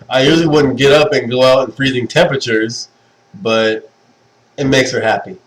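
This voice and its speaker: A young man talks casually to his livestream viewers through a webcam mic. He gushes in a sentimental way and breaks into laughs often. His voice sits at an ordinary middle pitch for a man. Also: steady tone, normal speed, low-quality recording. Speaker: livestream host. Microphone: webcam stream mic.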